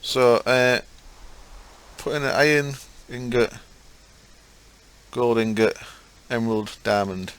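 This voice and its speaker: Speaking slowly with frequent pauses, this young man has a medium-pitched voice that is smooth and a bit bright, carrying a mild accent from Hull in East Yorkshire, England. He streams a game, offering casual, rambling commentary to his live chat, muttering to himself and swearing now and then.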